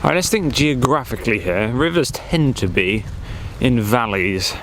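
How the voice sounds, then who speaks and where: A man's voice: medium pitch, very animated, normal speed, a bit bright, slight background noise. A man vlogging outdoors in a forest, chatting and joking as he thinks aloud into a handheld camera. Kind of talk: casual vlog commentary.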